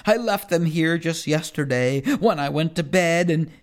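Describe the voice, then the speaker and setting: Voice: medium pitch, wildly swooping pitch, unhurried, hardly any pauses. A reader performing rhyming children's poems in a first-person kid's voice, with a playful sing-song delivery.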